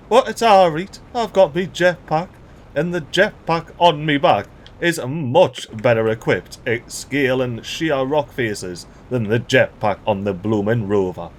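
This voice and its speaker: Excitable gamer with lively pitch. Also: male voice. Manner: excitable, exclamatory, slangy, chuckling. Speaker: game let's-play host. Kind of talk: casual gameplay commentary.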